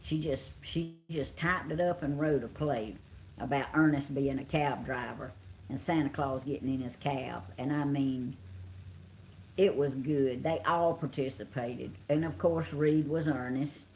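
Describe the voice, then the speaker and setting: A woman's voice: rumbling low, fairly even intonation, measured pace, darkish tone, slight background noise. A middle-aged woman with a Southern US accent, tired and chatting casually on a live stream, greeting viewers by name. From Georgia, US. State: tired, yawning. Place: home, on the couch.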